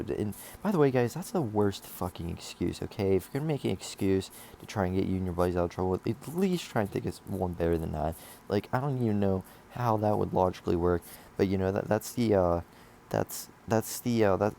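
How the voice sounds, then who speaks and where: A man's voice: low-pitched, creaky, mellow, a little hiss or hum. A young man telling a casual storytime, rambling and swearing with lots of fillers and restarts. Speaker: vlogger telling a school story.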